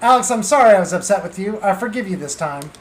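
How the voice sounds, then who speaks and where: A man's voice: sits high, expressive, quick pace. Man reading as a stubborn young heroine. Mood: determined. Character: young woman companion, caring and stubborn.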